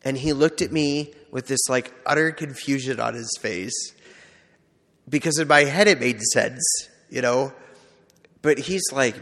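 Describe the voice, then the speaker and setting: A priest gives a personal testimony in a loose, chatty style, poking fun at himself, using "like" constantly, and dropping into quoted asides. His unhurried, medium-pitched voice is a bit bright and rings with long reverb, as if in a big church or hall.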